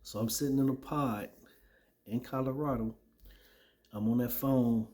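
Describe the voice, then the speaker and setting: A man's voice: medium pitch, fairly even intonation, measured pace, a little mellow. A man telling his personal testimony in a casual, conversational way, often tagging lines with "right?" and "man.". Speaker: former soldier sharing his testimony.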